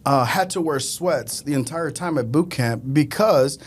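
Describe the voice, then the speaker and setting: A man telling casual stories as a podcast guest, animated and often laughing as he talks. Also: a little high, unhurried, husky. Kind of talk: casual storytelling.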